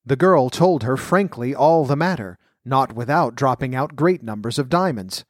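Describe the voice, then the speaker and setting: A man reading a fairy tale aloud and commenting on its folklore roots in a measured, clear voice. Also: medium pitch, animated, no room sound, clean studio sound. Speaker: storyteller.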